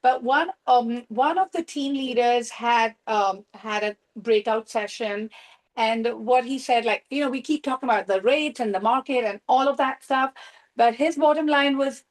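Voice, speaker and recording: High-voiced animated woman telling a story. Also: normal speed, rough recording. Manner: animated storyteller, acts out quoted dialogue. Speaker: real estate agent. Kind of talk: team meeting story.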